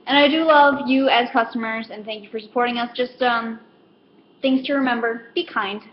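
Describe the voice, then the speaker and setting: A woman in retail gives a casual comedic rant, rambling and self-deprecating, full of filler words. Her voice is fairly high. The recording is a bit dull and lo-fi, with faint noise underneath. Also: fairly even intonation, normal speed. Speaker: retail store worker.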